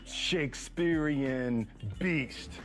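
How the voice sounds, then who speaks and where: A man in his fifties telling a story in a casual, animated way, acting out quotes and laughing. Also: fairly high pitch, drawn-out words, faint music behind. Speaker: actor and reunion guest.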